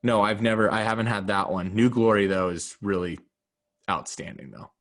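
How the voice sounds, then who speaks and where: A man's voice: lowish voice, moderate pace. A man co-hosting a casual podcast, trading jokes and banter. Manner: animated, jokey banter. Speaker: podcast co-host. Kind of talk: casual chat.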